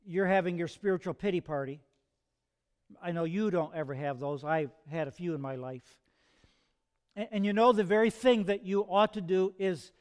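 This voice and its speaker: A man preaching from the pulpit, his voice sitting fairly high for a man. He talks earnestly and conversationally, stumbling into restarts and throwing rhetorical questions at his listeners. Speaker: pastor. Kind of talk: sermon.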